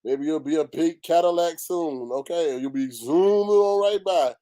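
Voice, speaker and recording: Brief: casual male commentary host, pitched a little high, loose and slangy. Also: normal speed. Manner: animated, loose and talkative, with slang and profanity.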